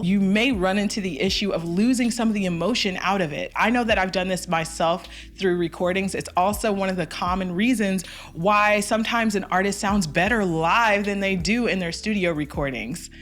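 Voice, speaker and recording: A woman's voice: mid-range voice, a bit bright, a little hiss or hum. A woman vocal coach giving an online singing lesson, talking straight to the viewer in an upbeat, direct way.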